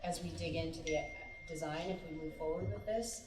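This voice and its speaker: A woman presenting site plans at a meeting, calm and measured. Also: sits low, over music. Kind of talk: meeting discussion. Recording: echoey room, far from mic.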